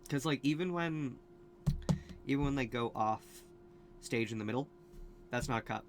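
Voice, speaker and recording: A man's voice: mid-range voice, normal speed, slight background noise. Rambling man hosting a casual vlog. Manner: rambling, filler-heavy, many restarts and asides. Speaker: video host.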